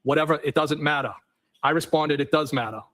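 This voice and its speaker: Man testifying, reading texts out loud. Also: fairly high pitch, brisk, a crowd in the background, poor audio. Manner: reads messages in an even, matter-of-fact way, speaking the punctuation aloud. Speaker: trial witness. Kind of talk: courtroom testimony, reading text messages aloud.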